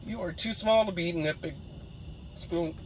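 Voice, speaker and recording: A man's voice: high-pitched, moderate pace, a little hiss or hum. A man doing playful live commentary while ice fishing outdoors on a frozen pond, teasing the fish as he talks.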